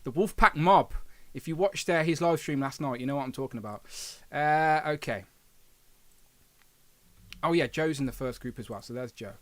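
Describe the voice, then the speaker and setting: Coventry-accented male host, self-deprecating, frequent laughs, slightly high voice. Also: moderate pace, fairly bright tone, dry recording. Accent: English, Coventry. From England. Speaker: live stream host. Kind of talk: casual live stream chat.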